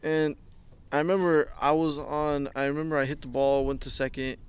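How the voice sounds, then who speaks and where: Uomo giovane, voce piuttosto acuta, racconto animato, tante parolacce, chiacchierata da podcast. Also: male voice, fairly high pitch, normal speed, smooth. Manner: animated storytelling, heavy swearing, acts out quotes. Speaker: podcast co-host. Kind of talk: casual chat.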